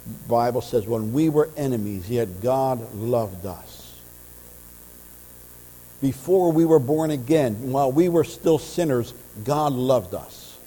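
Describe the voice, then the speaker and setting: Male pastor, mellow tone, impassioned sermon delivery, church hall reverb. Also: medium pitch, animated, slow pace. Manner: earnest preaching, swelling louder in passionate runs. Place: church sanctuary. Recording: church audio with long reverb and mains hum.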